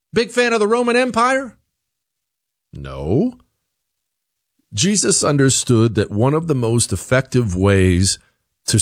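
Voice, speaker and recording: A middle-aged man delivering an opinion monologue as a commentator, animated and leaping up in pitch when he quotes others. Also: no room sound, studio quality. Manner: animated, jumps high in pitch for quoted voices.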